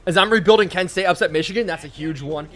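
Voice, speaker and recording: A hoarse man in his twenties from Pennsylvania, giving hyped live game-stream commentary and chatting with viewers. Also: sits high, fast talker, fairly bright tone, faint music behind. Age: 20s.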